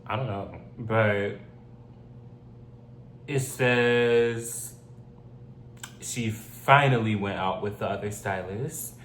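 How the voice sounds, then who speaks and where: A man with a lowish voice talks slowly, reading a story and breaking off into blunt, joking commentary. His voice rings in a roomy space over a faint hum. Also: fairly bright tone. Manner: blunt, opinionated, joking asides. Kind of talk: casual reaction commentary.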